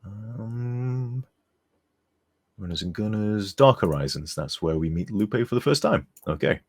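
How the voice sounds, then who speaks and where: A man with a fairly low, darkish voice streams as a game modder, sounding tired as he rambles, chuckles, and reads chat aloud in casual live-stream talk. He's animated but a little slow, sometimes turned away from his desk mic.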